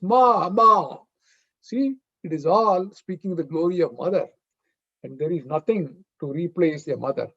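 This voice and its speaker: A man's voice: fairly high pitch, vocal fry, a little mellow. Earnest man giving a devotional lecture, muffled. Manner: earnest, explains terms patiently with rhetorical questions. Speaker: spiritual discourse speaker. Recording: muffled, slightly lo-fi sound.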